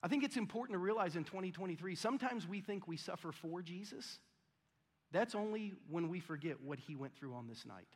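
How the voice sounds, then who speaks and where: Guy preaching, kinda high voice, chatty, slips into voices for the people he quotes, big church echo. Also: expressive, brisk. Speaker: pastor. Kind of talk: sermon. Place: church auditorium. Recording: long church hall reverb.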